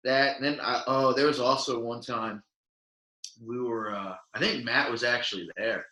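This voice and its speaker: A young man co-hosting a podcast rambles through stories in casual chat, his medium-pitched voice moving at a moderate pace. He leans on fillers and acts out quotes with animation, and the room sounds echoey.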